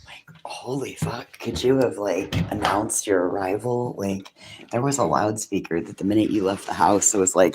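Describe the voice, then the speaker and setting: Low-voiced guy doing his morning stream chat, sarcastic and sweary, whispers his asides. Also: moderate pace, a little hiss or hum. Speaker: livestream host. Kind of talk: casual morning chat with viewers.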